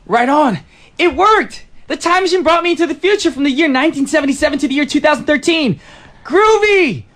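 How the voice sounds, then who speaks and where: A man's voice: very high voice, lively intonation, brisk, fairly bright tone, voice pushed up. A man doing a groovy 1977 time traveler. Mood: excited. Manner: hip seventies slang, flirty. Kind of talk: radio comedy skit.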